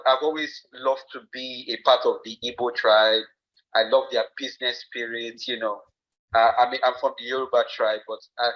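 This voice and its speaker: A man's voice: medium pitch, lo-fi sound. A man with a Nigerian accent, a podcast guest telling a personal story in an earnest, reflective way, with many fillers and restarts. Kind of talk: personal story told in conversation.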